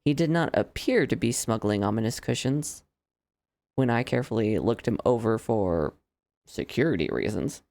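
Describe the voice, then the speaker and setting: A woman's voice: extremely low pitch, expressive, moderate pace, a little mellow, no room sound. A woman reading the inner monologue of a sardonic young villainess in a game, dry and wry with formal phrasing.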